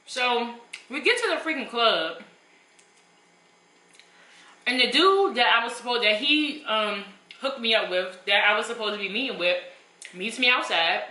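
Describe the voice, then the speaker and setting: A woman's voice: on the high side, animated, measured pace, pauses often, sharp tone, roomy sound, low-quality recording. A young woman, telling a story casually and emphatically while eating. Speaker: vlogger.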